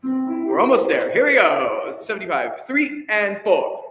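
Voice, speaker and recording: A man's voice: sits high, big pitch swings, unhurried. A man directing a choir rehearsal, coaching German diction, counting in, and encouraging the singers. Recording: echoey hall, piano in background.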